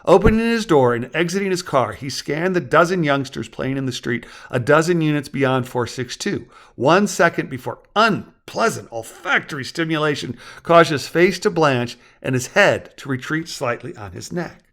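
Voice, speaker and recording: A man's voice: on the high side, expressive, a bit bright. Man reading his own story aloud. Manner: measured, wordy storytelling. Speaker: author and narrator.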